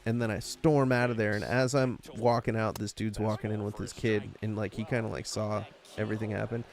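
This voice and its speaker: A young man chats casually on a podcast, and his voice has a gravelly, fry-laden edge. He rambles through a long story, swearing freely and stacking up fillers as he goes. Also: on the low side, flat delivery, a little fast, over music. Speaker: podcast co-host. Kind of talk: casual profane chat.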